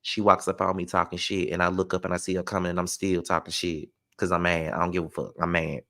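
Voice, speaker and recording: A man's voice: low-pitched, flat delivery, fast talker, vocal fry, sharp tone. A man telling a personal story to camera in a casual storytime vlog, emphatic and profane. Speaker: vlogger.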